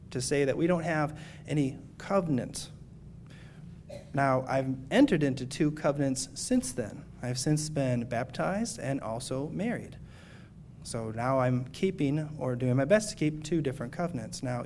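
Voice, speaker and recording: A man giving a sermon in an earnest, measured way, reading scripture aloud and explaining it to his congregation. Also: a little high, a little mellow, a little hiss or hum. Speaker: preacher.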